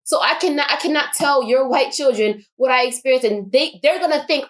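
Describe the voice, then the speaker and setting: A woman's voice: high voice, normal speed, fairly bright tone. A woman giving an impassioned personal monologue, emphatic and repeating her points for force. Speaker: vlogger.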